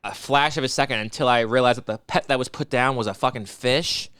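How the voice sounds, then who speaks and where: A man co-hosting a casual comedy podcast, swearing a lot and ranting loudly. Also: mid-range voice, a little fast, smooth, dry recording, studio quality. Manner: profane, ranting, mocks people in put-on voices. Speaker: podcast co-host.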